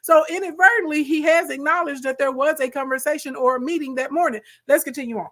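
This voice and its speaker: A woman's voice: high voice, quick pace. Sassy Southern woman commentator. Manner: animated, sassy, repeats "baby" and "okay". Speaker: commentator reacting to court footage. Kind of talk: casual commentary.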